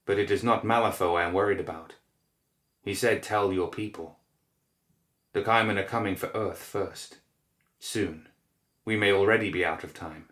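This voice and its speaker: A man's voice: deep voice, moderate pace, pauses often, fairly bright tone. A man playing a stern old monk mage. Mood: defiant. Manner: stern, firm. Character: old male monk mage, defiant, grave. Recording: echoey room.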